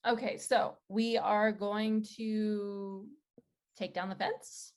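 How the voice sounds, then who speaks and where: Slow-talking woman player. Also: mid-range voice, flat delivery. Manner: easygoing, laughs along. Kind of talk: casual tabletop role-play.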